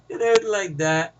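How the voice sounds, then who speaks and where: A man's voice: high voice, muffled recording, slight background noise. A man with a New York accent giving a rambling, profane, casual movie review, often getting sidetracked.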